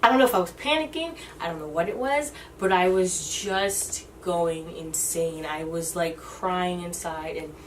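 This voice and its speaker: Halting young woman, slightly distant mic. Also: fairly low pitch, slight background noise. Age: 20s. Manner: halting and emotional, many restarts. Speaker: vlogger. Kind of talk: personal confessional storytelling.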